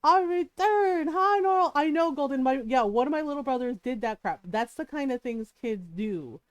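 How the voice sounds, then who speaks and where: A woman's voice: sits high, lively intonation, moderate pace, no room sound. A middle-aged woman telling stories from home in a casual chat on her stream, laughing often and checking in with "right?". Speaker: streamer and mother.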